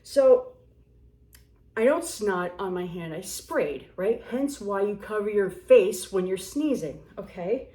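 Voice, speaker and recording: A woman in her forties casually telling a story as a vlogger, animated and sarcastic, acting out the people in it. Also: mid-range voice, unhurried, hardly any pauses. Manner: animated, sarcastic, acts out quotes. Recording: roomy echo.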